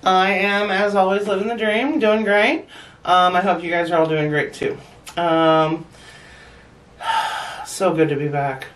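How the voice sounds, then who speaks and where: A woman's voice: mid-range voice, steady tone, takes it slowly, long pauses, a bit bright, recorded from a distance. A woman vlogger telling a personal story in a frank, chatty way, laughing often and swearing bluntly. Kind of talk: casual storytelling to camera.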